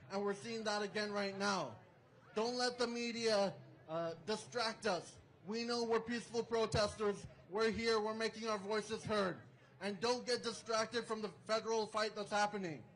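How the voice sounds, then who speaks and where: A man's voice: high voice, a bit bright, poor audio. Fervent man emceeing a rally. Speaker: rally emcee introducing speakers. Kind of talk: protest rally speech. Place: outdoor protest rally.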